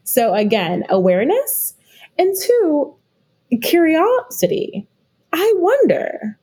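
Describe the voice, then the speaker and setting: A woman's voice: high voice, wildly swooping pitch, slow pace, warm tone. A middle-aged woman speaking as a guest expert in a podcast interview, reflective and often restarting her sentences. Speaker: guest expert, leadership consultant.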